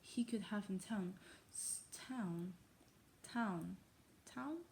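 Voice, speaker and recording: A woman's voice: medium pitch, takes it slowly, creaky, a little mellow, slight background noise. A woman reading a novel aloud in a put-on English accent, often stumbling over words and breaking off for self-mocking asides. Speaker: reader. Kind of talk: casual read-aloud of a novel.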